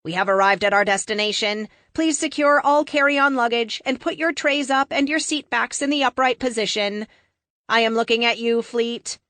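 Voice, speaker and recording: Woman doing a jet AI, formal announcer tone, dry wit, raised and clear, audiobook. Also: on the high side, normal speed, fairly bright tone, no room sound, pitched above the performer's own voice, lightly acted. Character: polite jet-piloting AI with dry humor.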